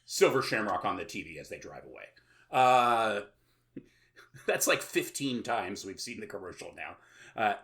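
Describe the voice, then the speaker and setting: A man chats through a film plot as a podcast host, rambling and sarcastic, with plenty of filler sounds. His voice sits on the lower side, yet it has a bright, forceful edge. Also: expressive, unhurried. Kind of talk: casual plot recap with jokes.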